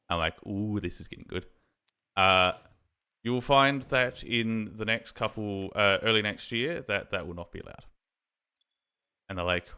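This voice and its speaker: Low, bright-toned guy rambling. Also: smooth. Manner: rambling storyteller, swears freely, many fillers. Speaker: streamer. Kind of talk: casual chat while gaming.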